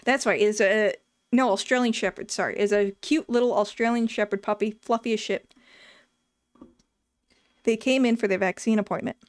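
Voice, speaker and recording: In a casual storytelling chat, a former vet clinic worker turned streamer reads chat and shares blunt, foul-mouthed tales from her old job. She has a fairly high, smooth voice and tells them with animation, recorded in clean studio sound without echo.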